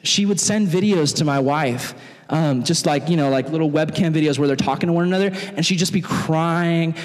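A young man preaching to young people in a lively, conversational way. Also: fairly high pitch, a little fast. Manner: animated, conversational, acts out voices. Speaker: youth pastor. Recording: long hall reverb.

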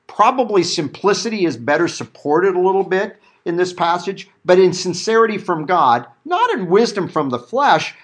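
A middle-aged man preaching a verse-by-verse sermon, animated and acting out the quotes he reads. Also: high-pitched. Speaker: pastor.

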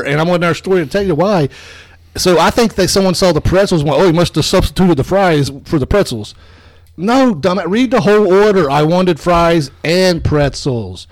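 A man co-hosting a podcast, telling a story in casual comedic chat, animated and swearing. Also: high-pitched. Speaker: podcast co-host.

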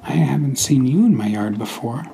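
A man's voice: medium pitch, expressive, normal speed, gravelly, mellow, soft background music. A man voicing a friendly little male monster in a bedtime story, with a raised, eager, wondering voice.

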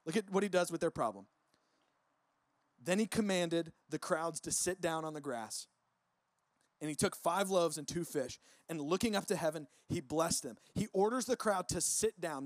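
A man preaching a casual, conversational sermon, relaxed and full of filler words. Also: a little high, moderate pace, no room sound. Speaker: pastor. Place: church service.

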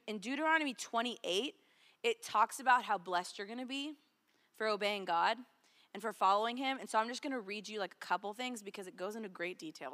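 A woman's voice: mid-range voice, sharp tone, in a large hall. A woman preaching a sermon in a casual, storytelling way, full of "like" and quoted dialogue. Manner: conversational storytelling, lots of "like".

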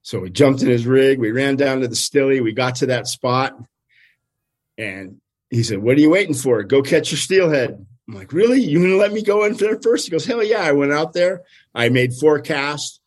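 An older man, a fishing guide, telling a story with lively energy and acting out what people said. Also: moderate pace. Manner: lively, acts out quotes with big pitch jumps, laughs often. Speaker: steelhead fishing guide, guest. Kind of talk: animated storytelling.

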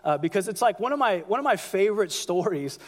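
A man preaching a sermon as pastor, animated, acting out quotes in a raised voice. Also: high voice, fast. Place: large church hall. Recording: church hall with long reverb.

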